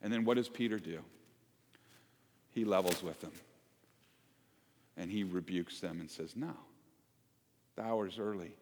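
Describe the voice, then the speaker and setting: Animated male pastor in an echoing church. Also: deep voice, measured pace, pauses often, a little hiss or hum. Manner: conversational and animated, joking asides to the congregation. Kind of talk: sermon. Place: church sanctuary. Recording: long hall reverb.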